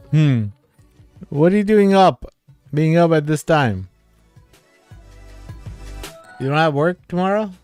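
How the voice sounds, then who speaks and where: A man hosts a casual livestream, reading his viewers' comments aloud and chatting back at a slow, unhurried pace. He laughs often. His voice is close and dry, with faint music playing underneath. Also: on the high side, animated, dry recording. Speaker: livestream host reading chat. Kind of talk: casual live chat with viewers.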